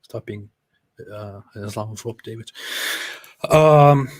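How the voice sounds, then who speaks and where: A man's voice: lowish voice, slow, no echo. A man hosting a casual reaction commentary, speaking in a dry, sarcastic way. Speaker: commentary host.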